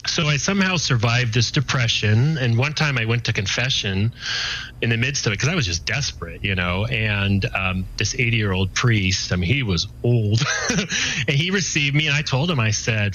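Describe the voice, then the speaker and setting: A man's voice: medium pitch, lively intonation, moderate pace, a bit bright, dull audio. A man in his forties, a guest telling his personal faith testimony in casual, earnest talk, full of "you know" and restarts.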